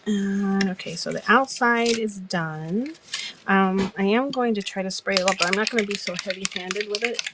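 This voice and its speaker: A woman's voice: mid-range voice, moderate pace, background noise. A woman hosting a casual crafting chat, telling stories in a giggly, rambling way. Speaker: crafter and live-selling host.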